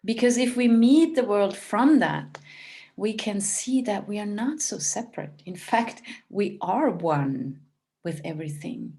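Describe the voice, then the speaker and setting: A woman giving a calm, reflective spiritual talk as a teacher. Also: medium pitch.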